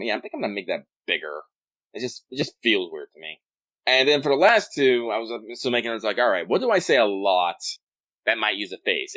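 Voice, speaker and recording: A man co-hosting a podcast, telling rambling stories in a quick, casual chat. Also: on the low side, pushed and bright, no echo. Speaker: podcast co-host.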